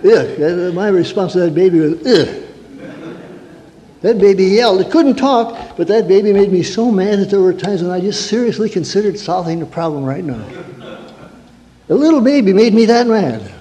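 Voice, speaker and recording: This counselor has a high, animated voice with a dark tone and speaks at normal speed. Recorded in a reverberant hall, his funny sermon-style talk is full of stories, rhetorical questions, and mock-angry asides.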